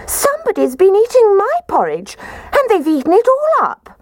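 A woman voicing a squeaky little boy bear cub in a storybook reading. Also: huge pitch swings, moderate pace, darkish tone, no room sound, clean studio sound, full character voice.

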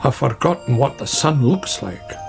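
A man's voice: medium pitch, expressive, moderate pace, gravelly, over music. A man voicing a grumbling, sensible male badger in a storybook reading. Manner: grumbling, muttering.

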